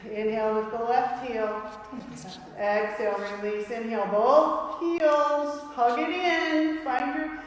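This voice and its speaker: A woman's voice: a little high, steady tone, slow pace. A woman teaching a yoga class, giving playful, encouraging cues paced with the breath. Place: yoga studio. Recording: roomy studio echo with light noise.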